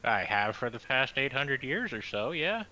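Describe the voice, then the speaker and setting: A man's voice: mid-range voice, sing-song, bright, forceful tone, a little hiss or hum, rough recording. A man voicing an ageless male graveyard guardian in a put-on Southern drawl, talking as if chewing on something, dry and unbothered. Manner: slow drawl, mouth full as if chewing. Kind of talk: tabletop role-play in character.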